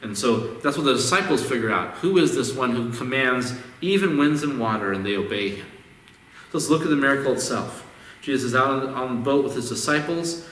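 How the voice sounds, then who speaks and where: Male pastor at mid pitch, easygoing sermon delivery, recorded from across a reverberant church. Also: expressive, brisk, a bit bright. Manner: conversational, repeats words as he restarts phrases. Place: church sanctuary. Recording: echoey hall, distant mic.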